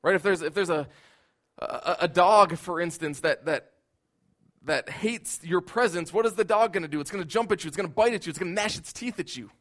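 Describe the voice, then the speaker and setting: A man preaching a sermon in an earnest voice, building at times into loud, emphatic outbursts. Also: high-pitched, a little fast.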